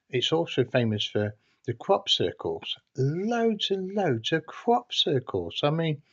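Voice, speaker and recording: A man telling a story casually, in a hesitant, rambling way with frequent restarts. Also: medium pitch. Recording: dull lo-fi recording.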